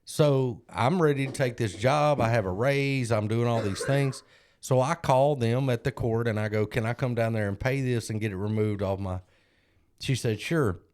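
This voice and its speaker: A man's voice: medium pitch, normal speed, a little mellow, slight background noise. A man, co-hosting a podcast and telling a self-deprecating story in a casual way, acting out other people's lines. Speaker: podcast co-host.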